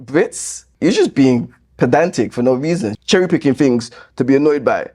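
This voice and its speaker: Mellow-voiced guy ranting back at comments, sarcastic, exasperated, pitch jumping around. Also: expressive, moderate pace. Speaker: YouTube host reacting to comments. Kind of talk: casual commentary reading comments.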